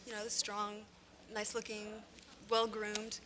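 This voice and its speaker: Giggly bright-voiced young woman. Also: medium pitch, monotone, a little slow, a little hiss or hum. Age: 20s. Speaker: contestant. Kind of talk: casual chat.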